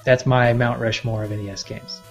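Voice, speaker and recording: A man's voice: medium pitch, steady tone, a little fast, vocal fry, soft background music. Laid-back male podcast host. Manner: laid-back, laughs easily. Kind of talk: casual chat.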